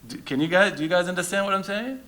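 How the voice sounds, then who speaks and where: A middle-aged Senegalese man, a musician whose first language is not English, chatting with a live audience between songs, animated and full of rhetorical questions. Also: high-pitched, fast.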